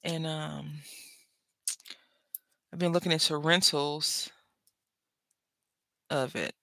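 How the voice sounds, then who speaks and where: Crafting host with a bright, forward tone and a dry, close sound. Chatty and rambling, talks while working. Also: medium pitch, fairly even intonation, takes it slowly, vocal fry, no echo. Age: adult with school-age kids. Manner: rambling, chatty, self-interrupting. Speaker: papercraft channel host. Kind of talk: casual chat while crafting.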